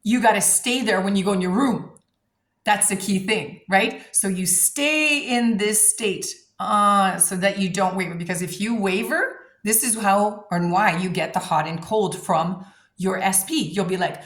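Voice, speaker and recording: A woman coaching viewers on manifestation in a casual, blunt, animated way, swearing freely. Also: mid-range voice, moderate pace, roomy sound. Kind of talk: casual advice talk to camera.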